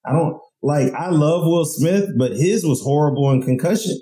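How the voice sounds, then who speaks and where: Mellow laid-back man in a roomy space. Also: fairly high pitch, normal speed. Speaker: podcast host. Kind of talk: casual chat.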